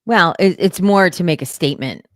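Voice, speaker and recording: A woman's voice: lowish voice, normal speed, no echo, studio quality. A woman co-hosting a podcast, chiming in with wry, joking asides in casual political chat. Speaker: podcast co-host.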